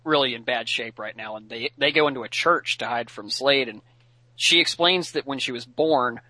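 A man co-hosting a podcast who calmly walks through an episode's plot in casual chat, carefully correcting details. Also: medium pitch, normal speed, dry recording, low-quality recording. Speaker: podcast co-host.

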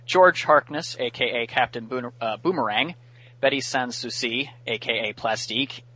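A man's voice: medium pitch, normal speed, bright, forceful tone, husky, poor audio. Chatty man recapping a cartoon. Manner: chatty, laughs often, many fillers. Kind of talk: casual episode recap.

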